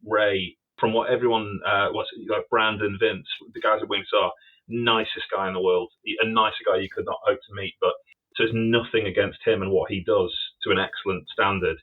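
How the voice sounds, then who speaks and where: A man's voice: lowish voice, fairly even intonation, a little fast. A man guesting as an author in a casual interview, thinking aloud and stumbling over repeated words. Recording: tinny phone-like line.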